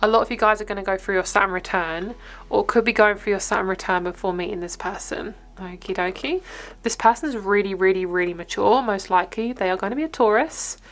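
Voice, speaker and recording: A woman's voice: medium pitch, a little fast. A young woman with an English accent gives a casual, rambling tarot reading to camera in an upbeat, chatty way. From England. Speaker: tarot reader.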